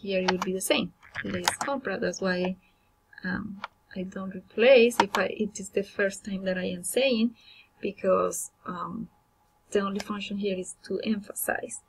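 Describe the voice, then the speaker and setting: A woman's voice: mid-range voice, unhurried, creaky, slight background noise, low-quality recording. Woman teaching grammar with many fillers. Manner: explanatory, many fillers and restarts. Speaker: Spanish teacher. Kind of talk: recorded grammar lesson.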